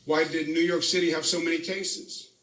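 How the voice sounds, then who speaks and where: A man with a high, bright voice explains and defends his position at a briefing. The recording rings with the echo of a large room. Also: flat delivery, moderate pace. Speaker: politician at a briefing. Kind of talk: press briefing statement.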